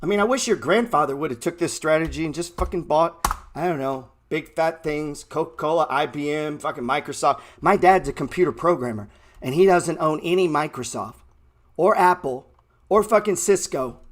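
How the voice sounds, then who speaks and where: A man's voice: on the high side, normal speed. A man in his thirties hosting a trading show, giving a blunt, mocking, profane motivational rant. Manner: blunt, brash and mocking, heavy swearing.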